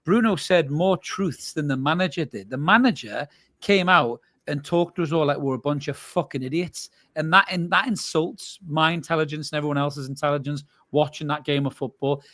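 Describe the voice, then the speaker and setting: A man rants in a blunt, sweary reaction with a slightly raised pitch. The sound is dry and close, with no room around it. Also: normal speed, bright, forceful tone, no room sound. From North East England. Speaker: co-host of a fan podcast. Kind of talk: heated live reaction talk.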